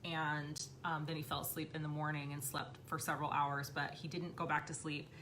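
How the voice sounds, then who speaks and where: A woman's voice: low voice, level tone, a little fast, noisy background. A woman in her thirties casually telling a personal story on a live stream, full of "like" and swearing. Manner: chatty, swears freely, fillers like "like" and "right". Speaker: live stream host, spiritual medium.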